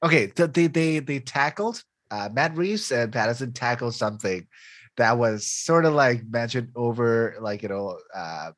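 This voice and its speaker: A young man co-hosting a casual podcast chat, animated, laughing often and filling pauses with "like" and "you know". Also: medium pitch, no echo. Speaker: podcast co-host.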